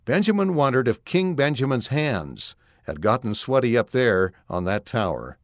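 A man reading a children's story aloud in a clear, expressive storytelling voice. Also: mid-range voice, normal speed, dry recording, studio quality. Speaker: narrator.

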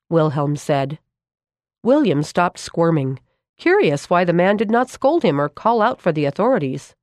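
Low-voiced woman reading a story. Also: no echo, studio quality. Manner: calm, measured storytelling. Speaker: narrator. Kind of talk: storybook read-aloud narration.

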